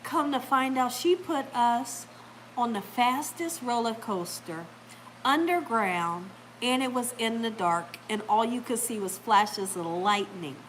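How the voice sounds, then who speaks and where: A woman with a high voice tells a story casually to her audience. She is animated, laughs often, and slips into the voices of the people in her tale. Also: measured pace, a little hiss or hum, poor audio. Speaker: vlogger talking to her live chat.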